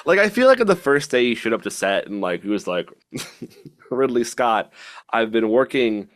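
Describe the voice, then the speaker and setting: A man's voice: mid-range voice, big pitch swings, normal speed. A man musician guesting on a podcast, wry and jokey, spinning playful speculation. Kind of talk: casual chat.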